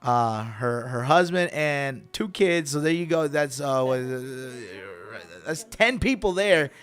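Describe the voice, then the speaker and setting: A middle-aged man telling a story casually as a radio host, animated and acting out the people he quotes. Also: mid-range voice, takes it slowly, clear, resonant tone. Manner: animated, acts out quoted voices, switches between English and Spanish.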